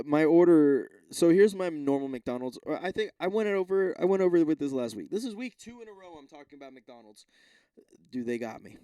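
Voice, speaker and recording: Profane rambling man with a mellow voice. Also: on the high side, dry recording, studio quality. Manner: rambling, profane, self-interrupting. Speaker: podcast host. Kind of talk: casual solo rant.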